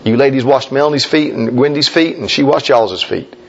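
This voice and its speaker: On lo-fi audio, a man speaks fairly quickly as a pastor addressing his congregation directly. His sermon is folksy and emphatic, and he mimics objectors in a high voice.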